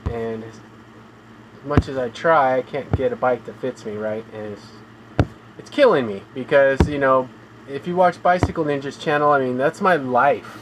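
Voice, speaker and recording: A man talking in a flat, weary monotone on a casual live stream from his home room, sounding tired and in pain as he complains. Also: medium pitch, moderate pace, noisy background. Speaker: gaming streamer.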